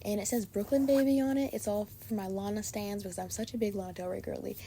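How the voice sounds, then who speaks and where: Bubbly, gushing young woman with a mellow tone. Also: medium pitch, fairly even intonation, fast talker. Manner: bubbly, gushing, chatty with frequent "like" and "oh my God". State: sleepy and tired. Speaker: podcast host. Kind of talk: casual chat.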